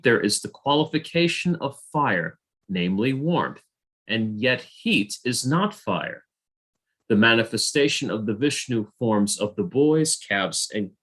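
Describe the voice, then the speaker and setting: Slow, deliberate man reading scripture. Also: lowish voice, fairly bright tone. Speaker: reader in an online scripture study group.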